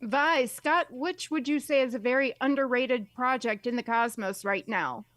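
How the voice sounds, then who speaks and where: A woman's voice: a little high, moderate pace, a bit bright, dry recording. A woman co-hosting a casual livestream, reading out viewer comments in a dry, teasing way.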